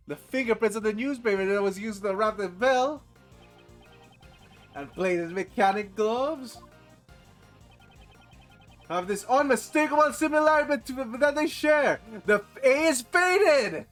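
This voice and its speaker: A man voicing a loud, insecure young prosecutor who boasts and whines by turns. The voice is very high, bright and sharp, with faint game music behind. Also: animated, slow pace, pauses often, heavily acted. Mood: triumphant. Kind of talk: reading game dialogue aloud.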